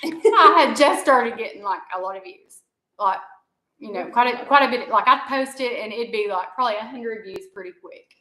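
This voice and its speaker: A woman's voice: on the high side, expressive, normal speed, pushed and bright. A woman from the American South with a Southern accent, chatting casually as a vlogger and telling rambling stories. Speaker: vlogger, mother. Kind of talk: casual chat. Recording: echoey room.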